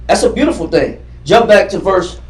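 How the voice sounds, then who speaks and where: Heard from a distance in a roomy classroom, a man with a high-pitched, expressive voice leads a Bible class at a moderate pace. His scripture teaching is emphatic, fervent, and repetitive, and he quizzes his readers along the way.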